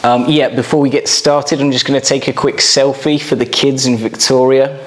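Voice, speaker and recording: A man's voice: mid-range voice, fairly even intonation, normal speed, pitched above the performer's own voice, natural voice. A man impersonating an eager, vain celebrity footballer, mild and hesitant with many fillers. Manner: mild, hesitant, lots of "um, yeah".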